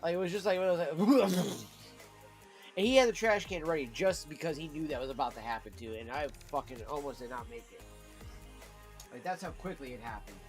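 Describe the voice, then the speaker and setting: A man telling a rambling, profane story to his live chat as a streamer, in a casual, animated way. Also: on the high side, moderate pace, over music.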